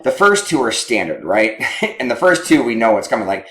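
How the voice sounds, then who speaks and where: A man's voice: mid-range voice, big pitch swings, a little fast, a bit bright. A man who works as a counselor, teaching in a conversational way and often checking in with his listeners. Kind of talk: teaching talk on couples communication. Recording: roomy echo.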